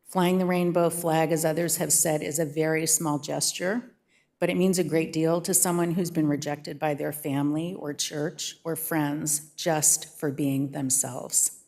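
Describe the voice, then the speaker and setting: An older woman reading a measured, prepared public comment at a council podium. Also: sits low, steady tone, a little mellow. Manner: measured, read-from-notes delivery. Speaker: church social justice co-chair.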